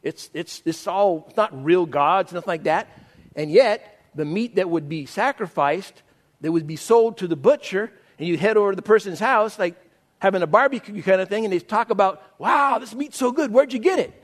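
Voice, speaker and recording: A man's voice: high-pitched, normal speed. A middle-aged male pastor preaching a sermon in a conversational storytelling way, with self-mocking humor.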